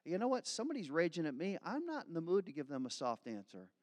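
A man's voice: a little high, wildly swooping pitch, fast talker. A male pastor from Philadelphia giving a conversational, self-deprecating sermon. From Philadelphia, USA. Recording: long hall reverb.

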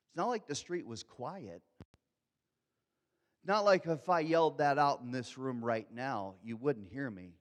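A man preaching a sermon as a pastor, swinging from soft asides to loud, fervent outbursts. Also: mid-range voice. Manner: animated preaching, shifts from soft asides to loud shouted quotes. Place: large church hall. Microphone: handheld or headset microphone. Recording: long hall reverb.

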